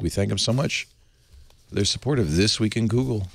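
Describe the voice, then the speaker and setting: A man hosting a tech podcast, reading an ad and chatting in an animated, jokey way. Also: lowish voice, brisk, vocal fry, dry recording, studio quality. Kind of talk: casual panel chat and ad read.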